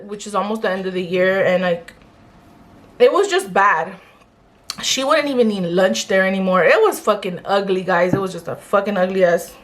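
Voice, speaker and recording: A woman's voice: medium pitch, fairly bright tone. A young woman who owns a small brand, telling her story to camera in a casual, candid way, swearing often and using many fillers like um and like. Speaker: small clothing brand owner.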